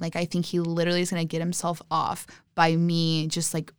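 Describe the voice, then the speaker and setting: A young woman guesting on a podcast, telling animated stories full of swearing and fillers. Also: on the low side, fairly quick, smooth, no room sound, studio quality. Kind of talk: casual storytelling.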